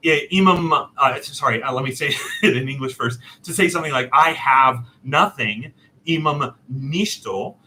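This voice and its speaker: A man casually telling a personal story, animated and self-deprecating, laughing often. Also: medium pitch, moderate pace, low-quality recording. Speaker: storyteller host.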